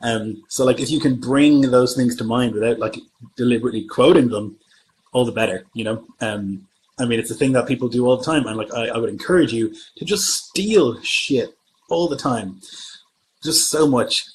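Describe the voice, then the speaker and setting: A man's voice: medium pitch, moderate pace, slight background noise, low-quality recording. Man rambling casually as a game master. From Germany. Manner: meandering, thinking aloud. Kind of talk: casual livestream chat answering comments.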